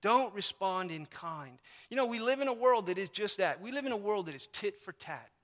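A man's voice: high-pitched, animated, normal speed, fairly bright tone. A man preaching a sermon as pastor in a church, in an emphatic, conversational way with lots of repetition. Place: church sanctuary. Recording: long reverb of a church hall.

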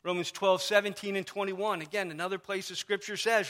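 High, bright-voiced male pastor preaching. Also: fairly even intonation, fairly quick, hardly any pauses. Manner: conversational, emphatic preaching with repetition. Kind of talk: sermon. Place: church sanctuary. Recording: long reverb of a church hall.

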